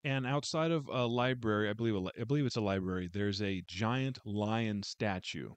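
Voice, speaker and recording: At a moderate pace, a man with a fairly low voice gives a casual, heartfelt book review, rambling and full of fillers and false starts. The recording is close and dry, with no room echo.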